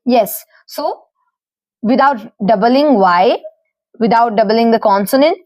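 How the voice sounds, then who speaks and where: A woman with an Indian English accent and a high voice teaches grammar in a steady, patient way. She spells out letters and reads through lists of word forms one by one. The sound is close and dry, with no room around it. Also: no room sound. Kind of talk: explaining grammar rules.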